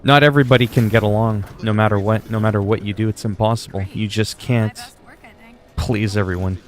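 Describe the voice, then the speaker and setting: A man's voice: on the low side, steady tone, a little fast. A man chatting casually on a game livestream, rambling and swearing freely. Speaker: game streamer.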